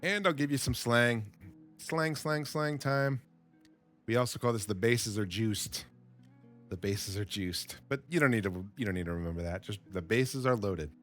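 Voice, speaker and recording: A man giving a slow, simple English lesson as a voice-over on game footage, repeating words and reacting with excitement to the action. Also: fairly low pitch, faint music behind. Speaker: English teacher.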